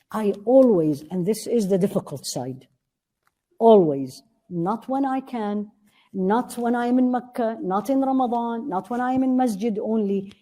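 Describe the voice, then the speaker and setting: A woman's voice: on the high side, warm tone. Earnest woman teaching a religious class. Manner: earnest, asks the class questions and answers them; recites Arabic verses quickly.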